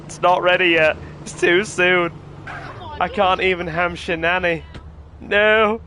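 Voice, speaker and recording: A man with a worn, strained voice giving slow, rambling commentary while streaming a game. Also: sits high, flat delivery, pushed and bright, slight background noise. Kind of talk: casual gameplay commentary.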